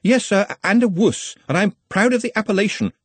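A man's voice: high-pitched, animated, brisk, breathy edge, no echo, voice pushed up. A man voicing a prim, fussy young male wizard assistant who speaks precisely.

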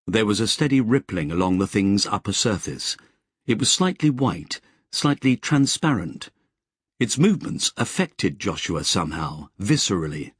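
A man narrating an audiobook in a measured, expressive storytelling manner. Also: on the low side, breathy edge, dry recording, clean studio sound. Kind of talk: scripted narration.

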